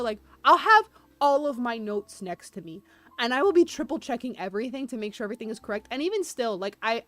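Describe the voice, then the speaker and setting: A woman streaming a history presentation live, excitable and self-deprecating, laughing often and reading chat aloud. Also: fairly high pitch. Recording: faint music behind voice.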